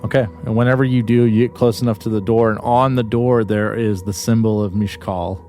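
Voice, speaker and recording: A man's voice: fairly low pitch, steady tone, fairly quick, warm tone, soft background music. A man narrating as game master in a tabletop game, describing scenes loosely with many restarts.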